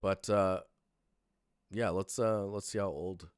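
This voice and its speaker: Young male streamer, very low voice, dry close sound, sleepy rambling critique. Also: takes it slowly, smooth, no echo. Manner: relaxed, rambling, many fillers and restarts. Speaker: streamer reviewing portfolios. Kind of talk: casual live-stream critique.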